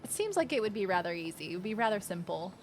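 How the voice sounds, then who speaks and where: A woman streaming a game, chatting casually and reacting with animated outbursts and swearing. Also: medium pitch, fast talker, soft background music. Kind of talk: casual gaming commentary.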